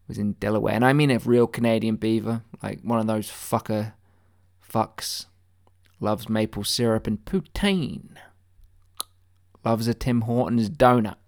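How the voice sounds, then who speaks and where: A man's voice: fairly low pitch, creaky. Rambling mock-earnest male comic monologue. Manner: mock-earnest, rambling with stammered restarts, swearing. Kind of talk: deadpan satirical conspiracy monologue.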